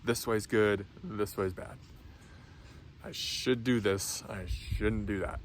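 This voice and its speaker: A man giving a gentle spiritual talk as a teacher, speaking softly and reassuringly with frequent ums and restarts. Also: on the low side, steady tone, slight background noise. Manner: soft, slow, reassuring, with many ums and restarts.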